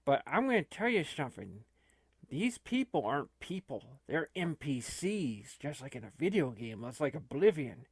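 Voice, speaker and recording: Brief: man doing a stammering old man in a panic, lively swooping pitch, bone-dry sound. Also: moderate pace, breathy edge, no echo, exaggerated voice. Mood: alarmed. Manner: rambling, stammering. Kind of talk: comic improvised role-play.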